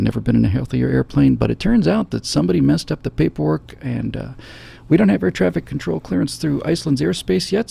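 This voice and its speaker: A man putting on the voice of a calm, reassuring male airline pilot making a cabin announcement. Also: medium pitch, exaggerated voice. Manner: smooth, folksy, unhurried reassurance.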